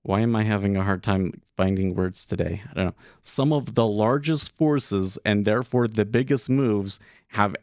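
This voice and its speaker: A man's voice: fairly low pitch, darkish tone, smooth, dry recording, studio quality. A man hosting a day trading livestream, talking casually and thinking aloud with many restarts, a little out of breath. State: slightly out of breath. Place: small closed room.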